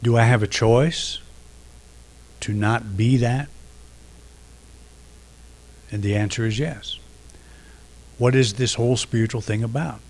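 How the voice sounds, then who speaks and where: A middle-aged man giving a reflective sermon, unhurried, pausing often and restarting phrases. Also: mid-range voice, a little mellow. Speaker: minister.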